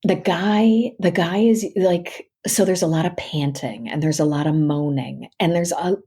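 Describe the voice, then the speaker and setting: A woman audiobook narrator chatting as a podcast guest, telling animated stories, laughing often and acting out her own asides. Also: lowish voice, a little slow, slightly rough. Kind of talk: casual interview chat.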